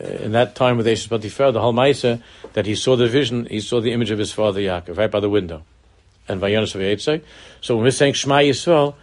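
Man, mid-pitched voice, earnest Torah lecture, repeats words, rises on key points. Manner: earnest, repeats words, mixes Hebrew terms into English, rises in emphasis. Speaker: rabbi teaching Torah.

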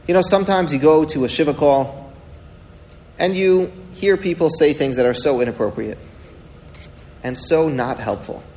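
A man's voice: fairly high pitch, moderate pace, pauses often, darkish tone, in a large hall, a little hiss or hum. A man giving a Torah lecture, retelling a story dramatically and asking rhetorical questions. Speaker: rabbi teaching a Torah class.

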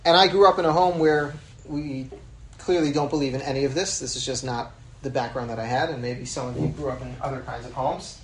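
Rabbi telling stories in an echoey room. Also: male voice, mid-range voice, fairly even intonation, a little fast, a little hiss or hum. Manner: conversational, mixes in Hebrew terms. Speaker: rabbi teaching a class. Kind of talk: Torah lecture with personal storytelling.

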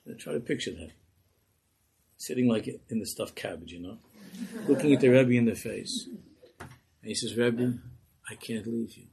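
A man telling a Hasidic story as a sermon, animated and acting out the voices. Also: lowish voice, normal speed, vocal fry, pauses often, a little hiss or hum, low-quality recording.

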